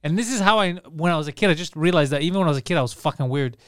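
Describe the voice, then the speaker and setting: A young man talks fast and bluntly, swearing freely as he tells stories. His voice is a bit high, smooth and clear, recorded close and dry. He chats casually as a podcast co-host. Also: no echo. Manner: blunt, profane storytelling with laughs. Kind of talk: casual chat.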